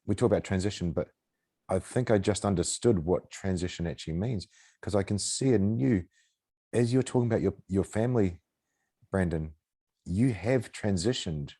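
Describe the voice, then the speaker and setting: A man hosting a podcast, speaking reflectively and haltingly as he searches for his words. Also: deep voice, mellow. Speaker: podcast host. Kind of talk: casual interview conversation.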